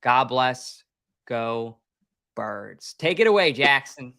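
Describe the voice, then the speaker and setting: A man's voice: medium pitch, animated, slow pace, gravelly, sharp tone, dry recording, clean studio sound. A man co-hosting a casual sports podcast, emphatic and opinionated. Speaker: podcast co-host.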